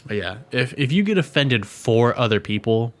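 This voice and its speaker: A man's voice: medium pitch, lively intonation, moderate pace. A man co-hosting a casual podcast over beers, with dry, blunt one-liners. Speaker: podcast co-host.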